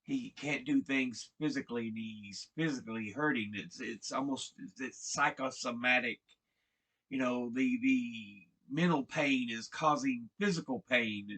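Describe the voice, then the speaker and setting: A man casually retelling a TV episode, halting and repeating words as he restarts his sentences. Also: medium pitch, fairly bright tone. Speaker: show recap vlogger.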